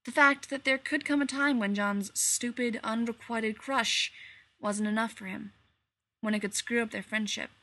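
A woman reading fiction aloud in an expressive, animated storytelling manner. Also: a little high, moderate pace. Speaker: reader.

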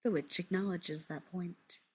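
A woman reading a literary story aloud in a hushed, measured, intimate way, often dropping into a whisper. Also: on the low side, steady tone, husky.

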